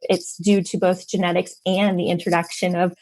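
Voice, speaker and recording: A woman speaking as an author guest on a podcast interview, explaining things in a steady, informative way. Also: lowish voice, moderate pace.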